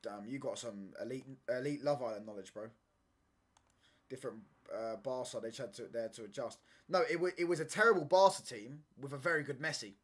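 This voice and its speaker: A young man talks football to his stream viewers, loose and animated. He keeps throwing in slang and checking that the chat follows his point. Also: mid-range voice, fairly quick. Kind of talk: casual chat. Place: home streaming setup.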